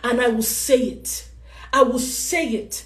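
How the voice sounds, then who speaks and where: A woman with a Nigerian accent delivering an angry, forceful rant in a live video. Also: fairly high pitch, slow pace, roomy sound. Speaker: actress ranting in a live video.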